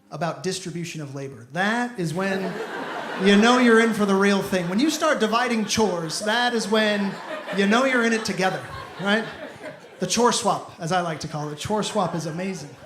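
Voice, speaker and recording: Male stand-up comic, very high voice, animated self-mocking storyteller, echoey club with crowd noise. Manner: self-deprecating, animated storytelling with acted-out dialogue. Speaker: stand-up comedian. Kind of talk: stand-up comedy set. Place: comedy club stage with laughing audience.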